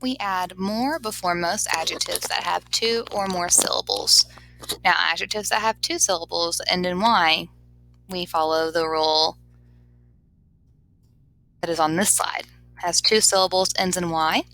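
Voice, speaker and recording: A woman's voice: on the low side, unhurried, creaky, pushed and bright, poor audio. A woman teacher giving a grammar lesson over slides, patiently sounding words out syllable by syllable.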